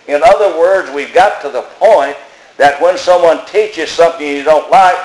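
An older man gives a folksy sermon with a slightly high voice and plain, repetitive phrasing. He preaches in a room with a lot of echo. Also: normal speed, darkish tone. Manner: plainspoken, storytelling, repeats phrases. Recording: echoey room.

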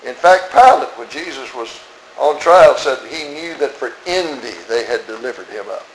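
A man preaching an expository sermon in a church, emphatic, asking rhetorical questions and swinging between soft asides and raised outbursts. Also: mid-range voice, animated, normal speed, a little hiss or hum. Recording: roomy echo.

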